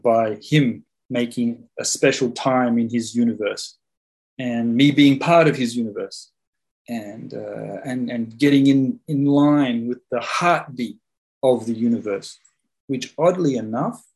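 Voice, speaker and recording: A man's voice: mid-range voice, measured pace, darkish tone, low-quality recording. A man hosting a casual discussion, rambling and repeating words as he tells stories and teaches. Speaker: host.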